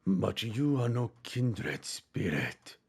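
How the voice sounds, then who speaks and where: A man voicing a cold, brooding male reaper knight from a video game, speaking slowly in a low, solemn, menacing tone while reading its lines aloud. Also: very animated, gravelly, breathy edge, full character voice.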